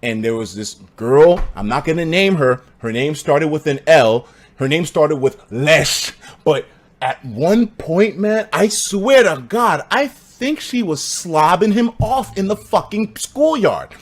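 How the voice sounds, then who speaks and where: A young man with a high voice tells a story on his live stream. His pitch swings all over the place, and he mixes loud high shouts with laughter and a lot of swearing. He comes across as a very animated storyteller. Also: slow pace. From United States.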